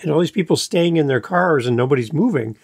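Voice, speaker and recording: Gravelly man hosting a podcast. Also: a little high, lively intonation, darkish tone, no room sound, studio quality. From Canada. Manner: eager, quick to jump into his own stories. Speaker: podcast host. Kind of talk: casual chat.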